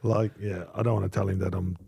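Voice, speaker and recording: A man's voice: low voice, little pitch movement, fast talker, gravelly, warm tone, breathy edge, no room sound, clean studio sound. A man from North Queensland with an Australian accent, chatting on a podcast in a matey, teasing way. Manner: matey, ribbing banter, calls people mate. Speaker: podcast co-host. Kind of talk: casual chat.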